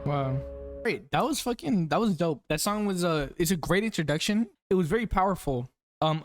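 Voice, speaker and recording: A man giving an album reaction, excitable and rambling, often exclaiming and swearing as he talks. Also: on the high side. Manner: rambling with many fillers and restarts. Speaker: music reviewer. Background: the album playing faintly behind him.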